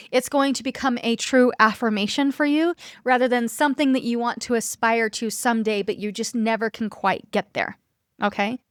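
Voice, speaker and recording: A woman's voice: fairly high pitch, no echo, clean studio sound. A woman in her thirties hosting a self-help podcast, coaching listeners in an encouraging way and regularly checking in with them. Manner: guides listeners through reflection.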